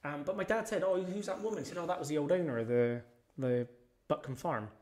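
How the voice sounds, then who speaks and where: A man's voice: fairly high pitch, expressive, a little fast, a little mellow. A man, a podcast guest telling personal stories in a casual chat, blunt and swearing freely.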